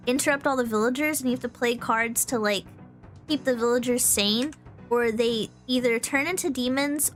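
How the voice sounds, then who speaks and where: A woman's voice: fairly high pitch, a bit bright. A young woman from Texas, a streamer, chatting casually and rambling with lots of fillers. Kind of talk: casual chat.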